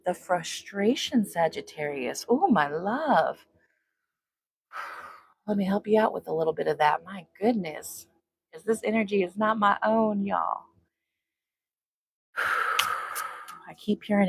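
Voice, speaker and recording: A woman's voice: mid-range voice, animated, a little slow, creaky, pauses often, a little hiss or hum. A woman giving a casual tarot reading to her viewers, chatty and talking to spirit, humming as she works. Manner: chatty, talks to spirit and viewers, hums while shuffling. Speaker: tarot reader.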